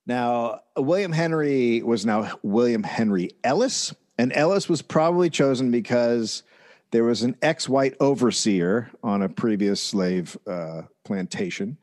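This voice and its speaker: A man hosting a comedy history podcast, telling the story in a halting, wry way with dry asides. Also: mid-range voice, animated, darkish tone. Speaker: podcast host.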